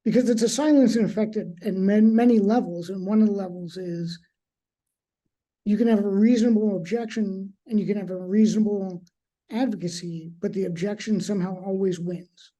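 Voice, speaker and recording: Woman hosting a chat, super mellow dark tone, lots of uhs. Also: medium pitch, brisk. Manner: hesitant, thinking aloud with fillers. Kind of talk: discussion talk.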